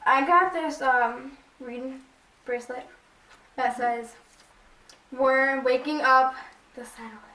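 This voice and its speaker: A young woman vlogger chatting excitedly about a concert with a friend. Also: high voice, takes it slowly, long pauses. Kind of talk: casual chat. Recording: echoey room, a bit far from mic.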